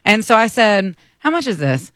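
Bright, high-voiced chatty man. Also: very animated, moderate pace, no room sound, studio quality. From United States. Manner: chatty, self-mocking, acts out both sides of a story. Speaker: morning show host. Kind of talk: casual storytelling on a morning show.

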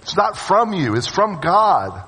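A man preaching a sermon to his congregation. His voice swings from loud urging to hushed, low phrases, and he calls on the listeners to answer him. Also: sing-song, measured pace, breathy edge. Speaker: pastor. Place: church sanctuary with long reverb. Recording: reverberant church hall sound.

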